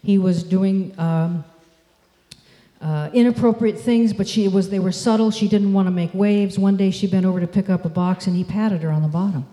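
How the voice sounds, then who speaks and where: A woman giving a conference talk, telling stories in a measured, demonstrative way. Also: mid-range voice, steady tone, warm tone. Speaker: speaker. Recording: echoey hall.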